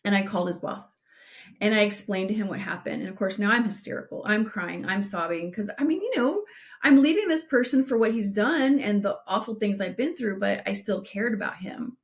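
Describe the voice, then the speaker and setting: A middle-aged woman co-hosts a podcast, her medium-pitched, expressive voice offering direct advice and recounting a painful personal story. She speaks earnestly and plainly, slowing down when she wants to stress a point.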